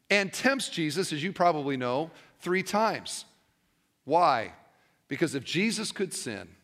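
A man's voice: sits high, a bit bright, long reverb tail. A male pastor preaching a sermon, telling a story and asking rhetorical questions.

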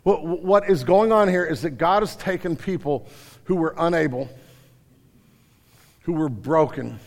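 A man's voice: a little high, unhurried, vocal fry. Emphatic preaching man in reverberant hall. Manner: colloquial, emphatic preaching with slangy retellings. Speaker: pastor. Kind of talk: sermon.

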